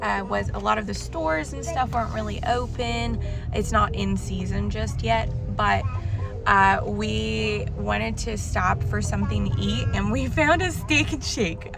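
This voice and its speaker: A woman's voice: medium pitch, creaky. A young woman who hosts a travel vlog talks casually to camera and narrates in voice-over, rambling a little with fillers and restarts. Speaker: travel vlogger. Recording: loud background music.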